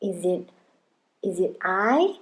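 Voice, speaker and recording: A little kindergartner, as acted by a woman, drags out each letter sound very slowly as she tries to spell words. The voice sits at a middling pitch for a woman, and the child keeps turning to Mom for help. It is a scripted parenting demonstration. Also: sing-song. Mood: asking for help. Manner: slow, drawn-out sounding out of letters.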